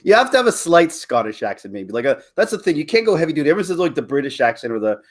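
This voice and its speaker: A man's voice: fairly high pitch, big pitch swings, rapid-fire. A man from Canada hosting a casual chat, joking around and slipping into silly put-on accents. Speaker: host.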